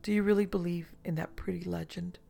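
A reader plays an ageless castaway woman who no longer feels love or hate. She speaks languidly and with world-weary detachment, her voice grainy and husky. Faint music sits underneath. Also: medium pitch, steady tone, brisk, mellow. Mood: detached.

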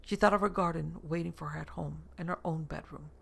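A storybook narration read in a measured, steady way. The voice is heavily gravelly and full of fry, at an ordinary middle pitch. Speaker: audiobook narrator. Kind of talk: scripted narration of a novel.

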